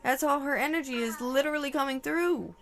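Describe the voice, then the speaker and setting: A woman's voice: sits high, brisk, creaky, a bit bright. A woman giving a casual channeled tarot reading to camera, emotional and exclaiming, swearing casually. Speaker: tarot reader.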